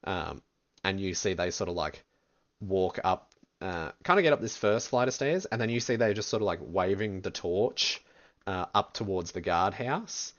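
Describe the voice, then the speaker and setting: A man running a tabletop game as game master, describing scenes in a relaxed, rambling way full of fillers. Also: low-pitched, normal speed, highs cut off.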